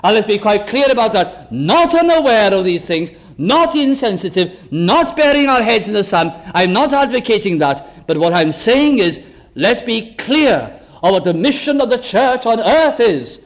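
High-voiced preacher, emphatic and swooping. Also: male voice, big pitch swings, normal speed. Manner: emphatic, full of rhetorical questions, swooping between high and low. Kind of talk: evangelistic sermon.

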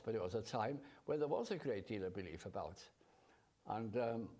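Male preacher, gravelly voice, raspy, slow measured sermon delivery. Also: mid-range voice, warm tone. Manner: slow, measured, with drawn-out scripture quotes.

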